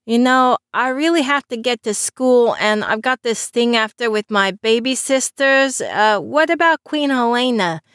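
A woman's voice: on the high side, unhurried, few pauses, fairly bright tone, clear, resonant tone, no echo, clean studio sound, voice pushed up. A woman voicing an anxious young man who whines and speaks dryly. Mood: whiny. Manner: whiny, sarcastic.

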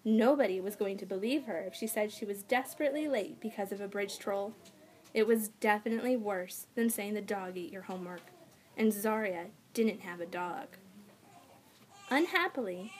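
A woman narrating a children's fantasy audiobook in an expressive storytelling manner. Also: medium pitch, moderate pace, a little hiss or hum.

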